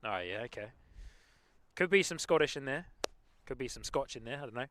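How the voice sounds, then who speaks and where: Bright, crisp-voiced English man chatting. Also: medium pitch, animated, brisk. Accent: English, London-tinged. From England. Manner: chatty and easygoing, laughs often. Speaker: live stream host. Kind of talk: casual live-stream chat reading viewer comments. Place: outdoors at an airport plane-spotting spot.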